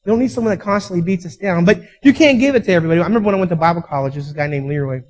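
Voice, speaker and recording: A pastor with a high-pitched voice races through a sermon on a low-quality recording. He tells stories, acts out the voices he quotes, and builds emphatically to loud peaks.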